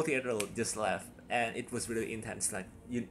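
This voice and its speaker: A man giving a casual vlog review of a horror film, rambling and excitable, with sudden loud bursts. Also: medium pitch, normal speed, hardly any pauses, a little hiss or hum.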